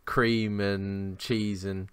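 A man's voice: lowish voice, little pitch movement, very slow, clean tone, no echo. A young man, co-hosting a podcast and telling rambling, sweary, self-mocking stories in casual chat. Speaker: podcast co-host.

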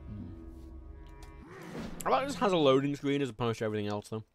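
A man's voice: medium pitch, wildly swooping pitch, fairly quick, faint music behind. A man streaming live gameplay, rambling frankly and swearing as he reads chat and plays. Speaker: livestreamer.

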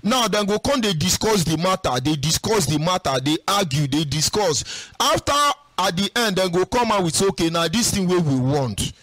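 A man speaking Nigerian Pidgin as a host answering questions, in a sing-song, animated way that acts out other people's voices. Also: fairly high pitch, no room sound. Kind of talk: casual spoken commentary.

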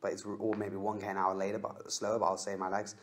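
A young Australian man rambling in a casual voice-over over his own race footage, excitable and full of fillers. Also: on the low side, quick pace. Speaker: cycling vlogger.

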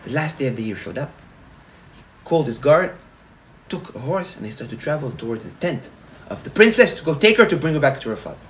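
A man, a rabbi, retelling a parable in a sermon, animated and repetitive. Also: on the high side, fast, rough recording. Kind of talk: sermon storytelling.

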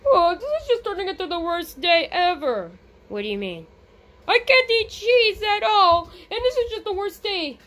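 A whiny, complaining plumber, acted by a woman in a toy skit. His voice is high and swings widely. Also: big pitch swings, moderate pace, fairly bright tone, full character voice. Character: whiny upset plumber man. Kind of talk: toy play-acting skit.

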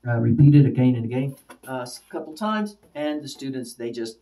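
A man's voice: mid-range voice, animated, moderate pace, loud music behind the voice. Emphatic man teaching, from a distance. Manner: repetitive, emphatic, drills words aloud. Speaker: ESL teacher trainer. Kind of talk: instructional lecture.

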